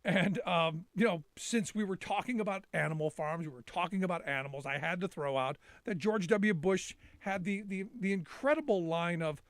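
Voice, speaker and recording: A middle-aged man hosts a live call-in show in a sarcastic, rambling monologue, often restarting his sentences. His voice sits high for a man and is captured close with almost no room sound. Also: moderate pace, few pauses, no echo. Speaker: talk show host.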